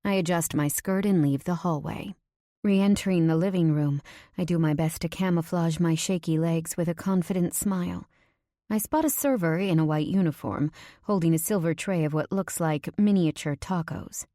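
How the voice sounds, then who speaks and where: Female narrator for a first-person romance audiobook: low, mellow voice, intimate delivery with breathy whispers, dry close mic. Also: moderate pace, no room sound.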